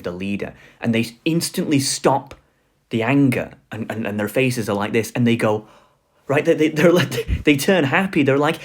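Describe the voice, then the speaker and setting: A man's voice: mid-range voice, slightly rough. A man giving a casual online lecture, loose and full of fillers, often laughing.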